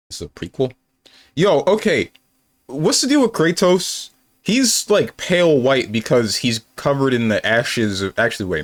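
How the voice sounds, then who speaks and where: On a game stream, a young man with a voice on the low side chats casually and thinks aloud, rambling in a playful way. The audio has no room sound.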